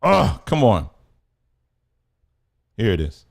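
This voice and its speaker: A man's voice: fairly low pitch, wildly swooping pitch, slow pace, creaky. A middle-aged man hosting a casual news commentary show, rambling, muttering to himself and laughing often. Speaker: host.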